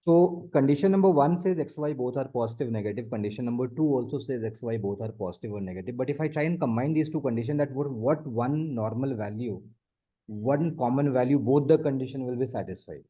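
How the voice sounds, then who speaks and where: A man's voice: mid-range voice, lively intonation, fairly quick, warm tone, husky, highs cut off. A man tutoring math one on one, explaining step by step and repeating his points. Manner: explains step by step, repeats points, often says the student's name.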